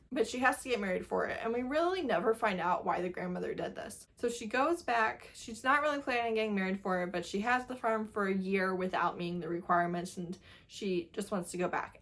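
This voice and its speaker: A woman chatting casually in a book review vlog, gushing and animated, laughing often. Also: medium pitch.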